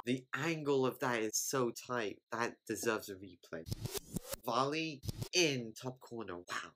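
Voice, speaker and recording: A host giving casual, excitable reaction commentary on sports clips, often repeating exclamations. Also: mid-range voice, takes it slowly, pauses often, background noise.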